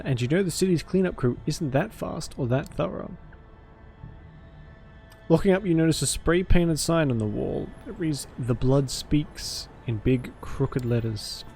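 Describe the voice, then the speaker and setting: A man narrating a visual novel aloud in a measured, theatrical way. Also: a little high, expressive, vocal fry, darkish tone, faint music behind. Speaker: streamer and voice actor.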